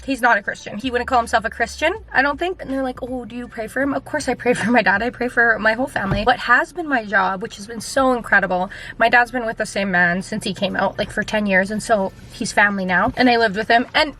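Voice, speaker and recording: A woman's voice: fairly high pitch, fast, few pauses, bright, forceful tone, slight background noise, low-quality recording. A young woman, a Bible college student, chatting earnestly about faith and family, telling stories and saying "like" often. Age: young adult. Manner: earnest, storytelling with frequent "like". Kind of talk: casual faith chat.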